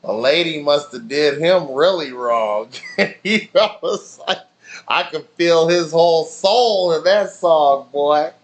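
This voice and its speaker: A man's voice: on the high side, slow pace. Rambling, slangy man chatting on stream. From family in Nigeria. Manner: loose, rambling storytelling with slang and swearing. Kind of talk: casual chat with stream viewers.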